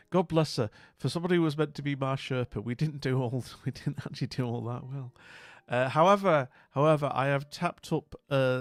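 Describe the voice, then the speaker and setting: Man, live streamer, rambling, dry sound, soft music behind. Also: medium pitch, gravelly, no echo. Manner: rambling, chatty, many fillers and restarts. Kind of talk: casual stream chat.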